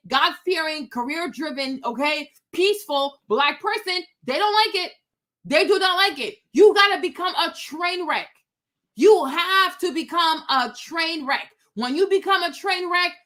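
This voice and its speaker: A woman's voice: high voice, bright, forceful tone. A woman hosting a livestream from outdoors, giving emphatic, opinionated commentary full of repeated rhetorical questions. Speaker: livestream host.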